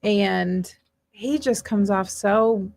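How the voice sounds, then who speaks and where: A woman's voice: medium pitch, very slow, vocal fry, a little mellow. A woman co-hosting a radio talk show, making dry, blunt short remarks. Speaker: radio co-host. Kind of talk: casual talk radio chat.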